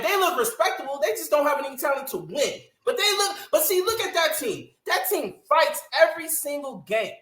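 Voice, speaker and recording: Co-hosting a sports podcast, a woman rants casually with heat and emphasis, swearing without restraint. She has a high, fairly bright voice, and the room sounds echoey.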